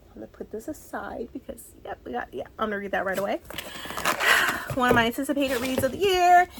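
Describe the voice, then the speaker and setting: A woman in her thirties chatting excitedly through a book haul, gushing and sometimes dropping to a whisper. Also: fairly high pitch, brisk, vocal fry, very noisy. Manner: bubbly, excitable, gushing, slips into soft whispers. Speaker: book vlogger. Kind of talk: casual book haul chat.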